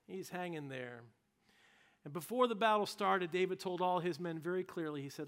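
Guy preaching, high voice, chatty jokey bible storytelling. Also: brisk, creaky, a bit bright. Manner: casual, joking storytelling. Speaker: pastor. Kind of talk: sermon.

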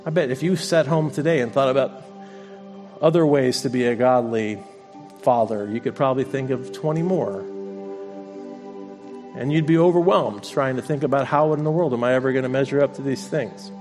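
A man's voice: mid-range voice, moderate pace, darkish tone, faint music behind. A middle-aged man preaching as pastor, telling a family story in a chatty, self-mocking way before closing in prayer. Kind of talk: sermon with personal story.

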